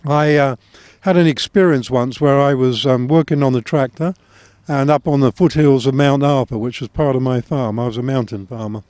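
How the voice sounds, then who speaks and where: An older man with a blend of English and Australian accent, telling his life story in a gentle, wry interview manner. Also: mid-range voice, fairly even intonation, normal speed, no echo. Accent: mixed English and Australian. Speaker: guest author. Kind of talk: reflective interview talk.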